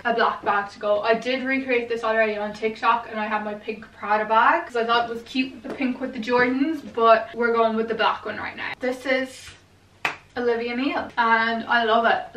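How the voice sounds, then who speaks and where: A woman's voice: on the high side, fairly bright tone, slight background noise. Girl vlogging, bubbly and chatty, swears a bit, echoey room. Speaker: fashion vlogger. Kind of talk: casual chat to camera. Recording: echoey room, mic at a distance.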